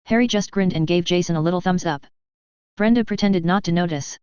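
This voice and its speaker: Woman audiobook narrator, smooth low voice, dead-dry slightly muffled sound. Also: fairly quick, a little mellow, dry recording. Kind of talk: scripted story narration.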